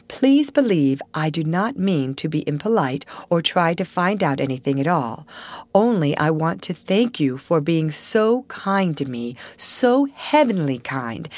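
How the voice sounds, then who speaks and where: Woman reads a grateful young girl: bright, coaxing, animated, dry close sound. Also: lowish voice, dry recording.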